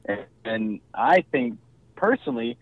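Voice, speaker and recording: A man who pitched pro baseball, a podcast guest talking in a relaxed, reflective way with many fillers. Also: measured pace, no room sound, phone-quality sound. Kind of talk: casual interview chat.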